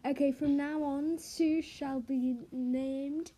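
A woman's voice: high voice, fairly even intonation, slow pace, dark tone, a little hiss or hum, low-quality recording. A young woman hosting a casual podcast chat over a video call, giggly and teasing. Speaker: podcast host.

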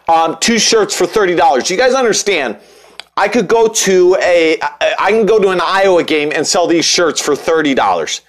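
High-voiced rambling sports podcast guy. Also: lively intonation, moderate pace. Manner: rambling, joking, frequent restarts and fillers. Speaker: podcast host. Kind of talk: casual sports podcast talk.

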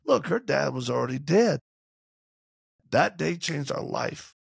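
Gravelly, husky man telling stories. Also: fairly high pitch, a little slow, no room sound, clean studio sound. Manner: lively, acts out quotes in shifting voices; candid and humorous. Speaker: interview guest. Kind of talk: animated storytelling in conversation.

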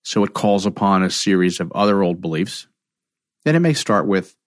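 A man's voice: deep voice, moderate pace, no echo, clean studio sound. A middle-aged man, a counselor, talking reflectively about emotional triggers and acting out quoted conversations. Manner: animated storyteller, acts out quoted dialogue.

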